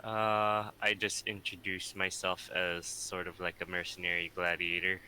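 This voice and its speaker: A man's voice: low voice, monotone, normal speed, pushed and bright, slight background noise, rough recording. A man playing a tabletop game, laid-back and dry, mostly speaking in character. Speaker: player. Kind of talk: tabletop role-play chat.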